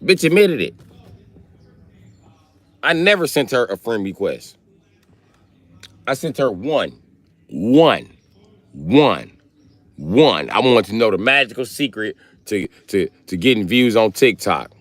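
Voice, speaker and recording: A man hosts a livestream with a low, lively voice that jumps all over the place. He rants and tells jokes profanely in a dry, close-miked room. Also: normal speed, dry recording. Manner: profane, animated storytelling. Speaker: livestream host. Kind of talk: casual comedic rant.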